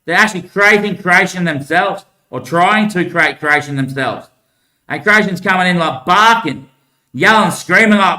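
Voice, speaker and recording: A man's voice: sits high, moderate pace, sharp tone. A man talking in a long rambling monologue, laughing between thoughts. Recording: echoey room.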